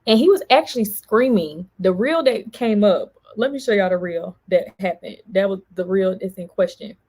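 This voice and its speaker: A woman vlogger, venting in an animated storytime and quoting others as she goes. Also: mid-range voice, normal speed. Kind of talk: casual storytime vlog.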